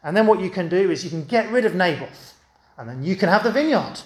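A man's voice: high voice, lively intonation, roomy sound. A man voicing a scheming, commanding queen. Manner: brisk, commanding. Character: scheming queen, adult woman, ruthless.

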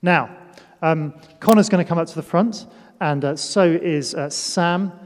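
A man's voice: fairly high pitch, a little slow. A man preaching a sermon with a children's demonstration in a church hall. He talks playfully, pokes fun at himself and calls up volunteers.

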